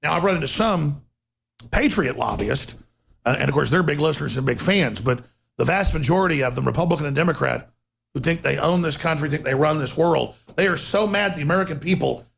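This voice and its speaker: A man hosting a political talk radio show, delivering an emphatic, sarcastic monologue with bursts of rapid speech. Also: fairly high pitch, vocal fry, a bit bright, slight background noise.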